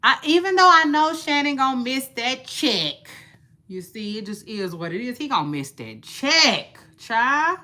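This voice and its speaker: A woman's voice: high-pitched, very animated, measured pace, bright, forceful tone. A woman vlogger chatting casually about celebrity gossip, repeating phrases and drawling her asides.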